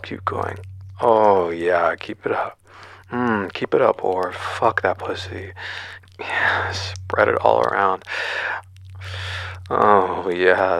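A man's voice: fairly low pitch, gravelly, pushed and bright, dry recording. A man in a whispered role-play, talking in a domineering, taunting way, with frequent heavy sighs close to the microphone. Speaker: audio role-play performer.

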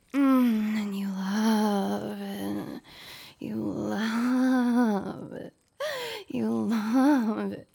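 Casting: woman voicing a bossy, mocking young lady boss; slow, drawn-out delivery with a heavy gravelly fry. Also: a little high, darkish tone, heavily acted. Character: domineering, teasing young woman company boss. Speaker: audio role-play performer. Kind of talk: intimate audio role-play.

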